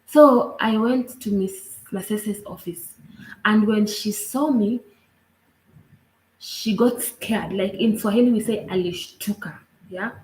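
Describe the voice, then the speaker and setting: A woman's voice: medium pitch, slight background noise. Earnest Kenyan woman, echoey room. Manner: earnest, halting, frequent "like" asides. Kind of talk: personal storytelling. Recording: roomy echo.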